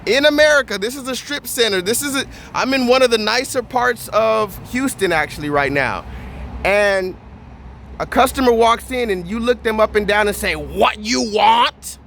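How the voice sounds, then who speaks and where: A man telling a story in a vlog, in a blunt, profane and animated rant. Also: sits high, normal speed, slight background noise. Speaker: vlogger. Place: Houston area.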